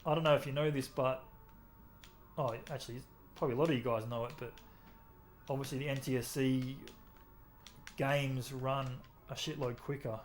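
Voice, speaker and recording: A young Australian man with an Australian accent, chatting casually with his stream chat while playing a racing game, relaxed and talkative. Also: mid-range voice, normal speed, long pauses, soft background music.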